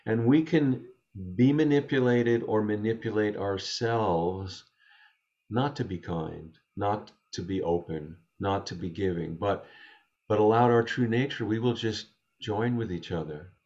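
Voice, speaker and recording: A man talking in a gentle, thoughtful way, telling a story as a guest in a conversation from his home study. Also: fairly low pitch, a little slow, lo-fi sound. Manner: gentle, thoughtful, with frequent restarts. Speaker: interview guest.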